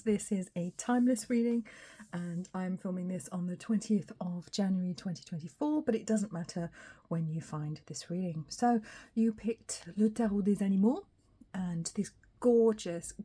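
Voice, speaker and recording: A woman giving a casual tarot reading, her voice a little hoarse from a recent cold, chatty and often laughing. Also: fairly low pitch. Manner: chatty, laughs often, some soft whispery asides. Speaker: tarot reader.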